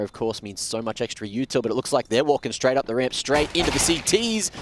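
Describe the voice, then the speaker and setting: Male esports analyst, easygoing, middle pitch, noisy backdrop. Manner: relaxed, laughing analysis. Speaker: esports caster. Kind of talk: live esports commentary.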